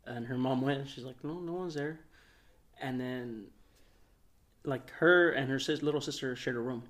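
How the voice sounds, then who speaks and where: A young man, a podcast co-host, telling a long story in a relaxed, rambling way, full of fillers. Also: mid-range voice, normal speed. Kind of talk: casual storytelling.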